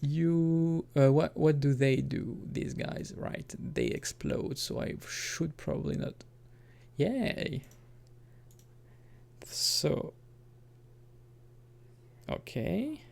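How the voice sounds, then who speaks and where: This man speaks slowly in a fairly high, gravelly voice with a darkish tone. He's a gaming commentator doing a relaxed let's-play, wandering off track, fixing his own words, and laughing quietly to himself.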